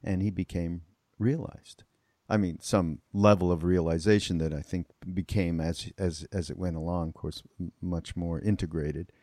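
A man's voice: low-pitched, fairly even intonation, moderate pace, warm tone, no echo, clean studio sound. A man hosting an interview, speaking thoughtfully and restarting phrases as he searches for words. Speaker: host, interviewer. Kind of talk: casual conversational interview.

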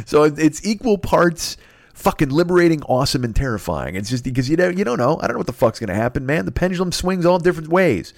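A man's voice: fairly high pitch, big pitch swings, fast talker, creaky, no echo, clean studio sound. A man in his fifties, a podcast host, riffing in a rambling, profane comedic rant and acting out silly voices. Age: 50s.

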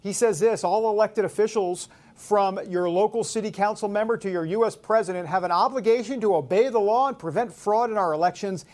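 A man's voice: high-pitched, a little fast, hardly any pauses, darkish tone. A man hosting a casual political talk show, with wisecracking, sarcastic asides.

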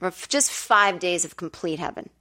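Recording at her temporary Brooklyn home, a comedy podcast host delivers a casual monologue about her own life, swearing without restraint. Her voice is expressive, bright and pushed, moving at normal speed, and she's chatty and candid, mimicking other people's words in a high whiny voice.

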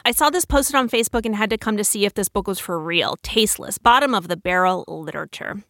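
A woman co-hosting a podcast, chatting frankly and sounding fed up as she reads reviews aloud. Her voice is bright and forward. The recording is dry and close, with no room sound. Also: mid-range voice, fast talker, no room sound. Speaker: podcast co-host. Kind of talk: casual podcast chat.

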